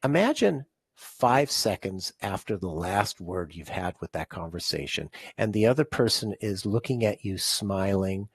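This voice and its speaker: A man's voice: fairly low pitch, husky, no echo. Man explaining stress, dry sound. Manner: explanatory, with frequent restarts and fillers. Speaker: podcast guest, stress-relief author. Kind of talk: conversational interview.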